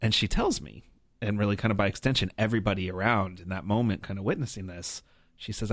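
A man with a fairly low voice recounts a personal story as a guest. He is earnest and reflective, leaning on "like" and "right?" as he talks. The sound is dry and close to the mic. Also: fast talker, no echo. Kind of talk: conversational storytelling.

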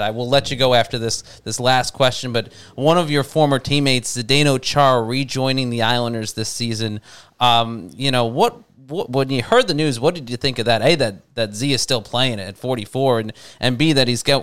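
A man's voice: medium pitch, moderate pace, a bit bright, smooth. A man co-hosting a casual interview podcast, asking questions politely and thanking the guest. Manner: polite, appreciative questioning with small restarts. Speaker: podcast co-host.

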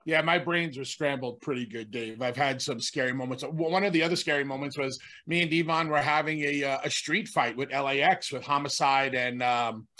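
Medium in pitch with fairly even intonation, this middle-aged podcast co-host and ex-wrestler talks a little fast with hardly any pauses, his tone pushed and bright. His casual stories ramble, and he keeps restarting sentences and cutting himself off.

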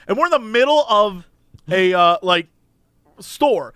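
High, lively man telling a story. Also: a little slow, no echo. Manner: animated storyteller, acts out voices of people in the story. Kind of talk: casual chat, storytelling.

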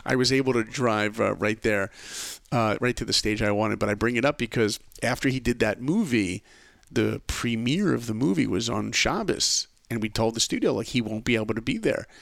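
On a casual storytelling interview, a podcast guest with a gravelly, mid-range voice spins his tales at a moderate pace. He's an animated storyteller who acts out the voices he quotes, and the recording is dry and studio quality.

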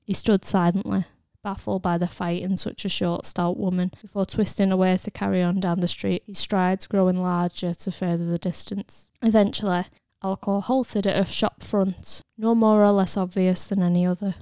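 Steady, even-toned woman narrator. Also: mid-range voice, moderate pace, clear, resonant tone, dry recording, studio quality. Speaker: audiobook narrator. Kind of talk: scripted narration.

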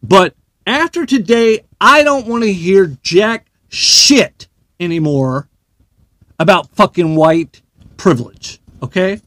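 A man's voice: high-pitched, lively intonation, slow, fairly bright tone, no room sound. A man hosting a solo podcast, ranting bluntly and heatedly with plenty of swearing. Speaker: podcast host.

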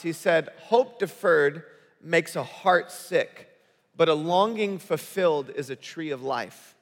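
A man preaching a sermon to his congregation, telling stories in an animated, conversational way. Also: a little high. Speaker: pastor. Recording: long hall reverb.

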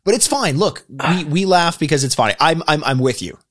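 Animated man co-hosting a podcast. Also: on the high side, a little fast. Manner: rambling, laughing, animated. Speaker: podcast co-host. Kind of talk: casual podcast banter.

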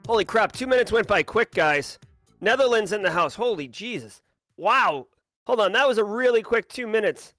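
A man hosting a live stream, casually chatting and giving energetic, playful shout-outs to viewers. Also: high voice, normal speed, dry recording, soft background music. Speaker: livestream host.

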